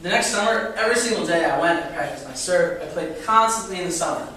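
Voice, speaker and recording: A man's voice: fairly high pitch, lively intonation, quick pace, pushed and bright. A young man giving an informal class to students, chatty and full of rhetorical questions, often stumbling and repeating himself. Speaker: student lecturer. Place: classroom with a live audience. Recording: echoey room, voice from far off.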